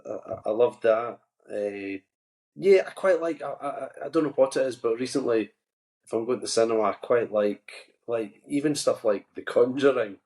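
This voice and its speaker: A Scottish man, an actor guest, chatting in a relaxed way and telling stories with humor. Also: medium pitch, normal speed, reverberant. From Scotland. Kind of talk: casual interview chat.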